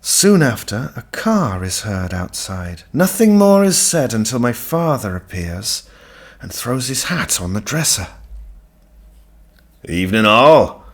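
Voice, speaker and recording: Slow, lively-pitched male audiobook narrator. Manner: measured, unhurried.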